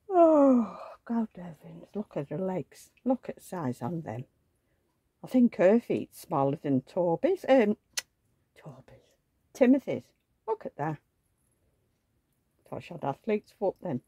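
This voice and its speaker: A woman vlogger chats on at home in a gravelly, husky voice. Her pitch leaps up and down, and she rambles from topic to topic and coos at the dolls she dresses, close and dry on the mic. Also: very animated, measured pace, long pauses, dark tone, no echo, dull audio. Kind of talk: casual chat.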